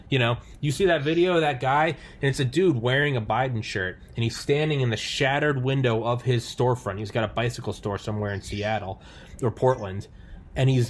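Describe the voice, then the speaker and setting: A man talking heatedly in a podcast discussion, swearing often and mocking others by putting on their voices. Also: medium pitch. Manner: animated, profane, mocking impressions of others. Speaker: podcast panelist.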